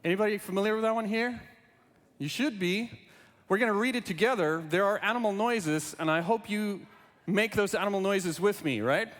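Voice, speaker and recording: A man's voice: sits high, moderate pace, long reverb tail. A man preaching a sermon as a pastor, reading scripture and then talking playfully with the congregation in a large church. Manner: animated, playful, invites the congregation to join in.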